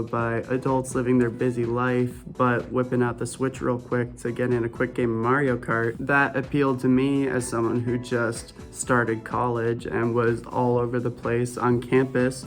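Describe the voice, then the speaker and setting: A man in his twenties hosting a casual gaming vlog, chatty and nostalgic as he looks around his old campus. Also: mid-range voice. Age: 20s. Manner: nostalgic, laid-back and chatty. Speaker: gaming vlogger host. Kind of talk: casual walking vlog narration.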